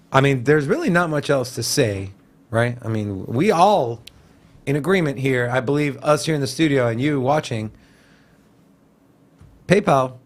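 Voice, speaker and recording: A man co-hosting a casual crypto news show, talking in an animated, slangy way full of "like" and "bro". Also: medium pitch. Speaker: co-host.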